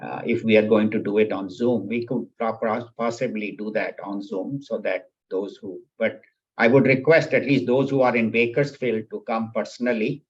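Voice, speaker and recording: A man's voice: lowish voice, steady tone, normal speed, breathy edge, lo-fi sound. A man teaching a scripture class at a spiritual center, explaining patiently and repeating key points. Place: class at a spiritual center, also on video call.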